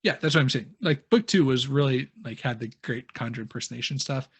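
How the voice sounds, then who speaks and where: A man's voice: medium pitch, brisk, breathy edge. A man co-hosting a book podcast, speaking casually and hesitantly, often restarting and trailing off. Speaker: podcast co-host.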